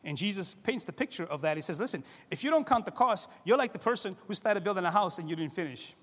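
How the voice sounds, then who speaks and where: Man, pastor, sermon, high voice, conversational, loud-soft swings, long reverb. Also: fast talker. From Cape Verde. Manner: lively and conversational, asks "right?" often, swings between loud and soft.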